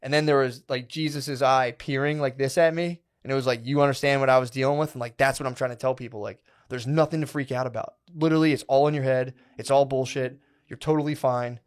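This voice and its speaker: A man's voice: medium pitch, steady tone, fast talker, few pauses, clear, resonant tone. A man co-hosting a podcast, telling a long story in a rambling, profane, slangy way, full of "dude" and "like". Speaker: podcast co-host. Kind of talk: casual storytelling chat.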